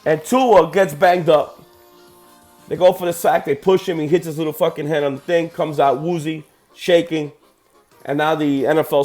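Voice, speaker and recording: A man's voice: medium pitch, a little mellow. A man hosting a sports podcast, ranting heatedly and profanely about football results.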